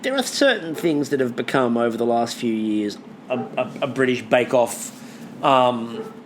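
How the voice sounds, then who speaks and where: A man co-hosting a podcast in casual chat, animated, swearing freely and listing things off. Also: medium pitch, normal speed, a little hiss or hum. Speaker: podcast co-host.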